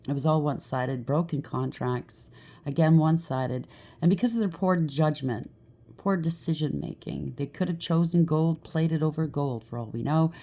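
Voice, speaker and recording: A woman talks through a tarot spread in an easy, chatty way, often stopping to ask "okay?" or "right?". Her voice sits low with a gravelly fry. The tone is dark and mellow. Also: normal speed. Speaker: tarot reader. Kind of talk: casual tarot card reading.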